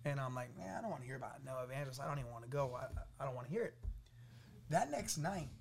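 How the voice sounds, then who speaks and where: A man from the Los Angeles area telling his testimony as a podcast guest, acting out what people said to him in an animated way. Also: mid-range voice, rapid-fire, vocal fry, slight background noise. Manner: animated, acts out quoted voices, laughing through funny parts. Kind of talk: storytelling testimony.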